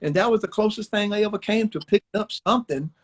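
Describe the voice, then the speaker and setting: A fast-talking older man with a high voice, once a baseball player in Alabama, rattles off folksy, rambling stories as an interview guest, repeating his words. He's at home on a livestream, heard through a phone, in a rough recording.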